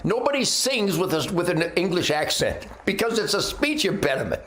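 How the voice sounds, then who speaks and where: A man's voice: high voice, huge pitch swings, moderate pace, a bit bright, a little hiss or hum. A man giving a brash, combative, boastful opinion rant as host of his own commentary segment. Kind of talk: ranting opinion monologue. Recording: roomy echo.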